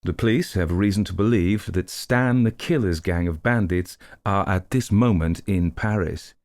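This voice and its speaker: Male audiobook narrator, very low and gravelly, measured read of a detective story. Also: a little mellow, dry recording.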